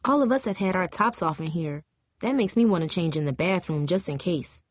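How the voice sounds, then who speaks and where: A woman's voice: lowish voice, fairly quick, no room sound, clean studio sound, lightly acted. A woman reading an audiobook, voicing a chatty, sympathetic teenage girl cheerleader. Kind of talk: audiobook character voice.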